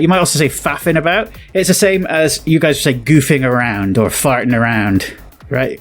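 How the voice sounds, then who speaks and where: A man's voice: fairly high pitch, moderate pace, soft background music. A British man explaining slang in casual, rambling commentary, laughing often and acting out the phrases he quotes. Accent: British English. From England. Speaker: game developer and video host.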